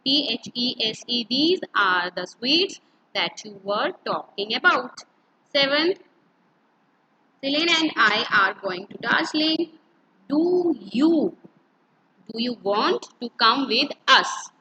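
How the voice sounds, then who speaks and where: Indian lady teacher doing grammar class, high pitched, spells stuff out, mixes hindi n english, muffled lo-fi audio. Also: expressive, sharp tone, a little hiss or hum. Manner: explains slowly, spells words letter by letter, switches between English and Hindi. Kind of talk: online grammar lesson. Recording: dull lo-fi recording.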